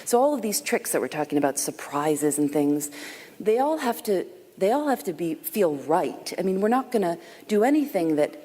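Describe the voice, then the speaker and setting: A woman's voice: on the low side, dark tone, long reverb tail. A woman who hosts a podcast, speaking candidly and emphatically on a conference panel. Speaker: podcast host. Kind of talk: panel conversation.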